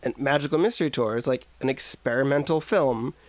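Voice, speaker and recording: A man's voice: mid-range voice, a little fast, no room sound. A man co-hosting a podcast in casual, rambling chat. He is jokey and fills his talk with "like". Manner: rambling, filler-heavy, jokey. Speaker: podcast co-host.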